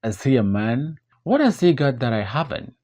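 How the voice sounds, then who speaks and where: A man's voice: sing-song, moderate pace, darkish tone. A man voicing a desperate adult man in an audiobook play reading, pleading and emphatic. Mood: anguished. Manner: pleading, emphatic, swings widely in pitch.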